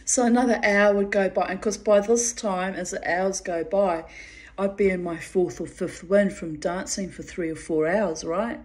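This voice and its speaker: A woman's voice: medium pitch, moderate pace. Laughing, swearing woman storyteller. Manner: lively, laughs while telling, swears freely. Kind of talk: casual personal storytelling.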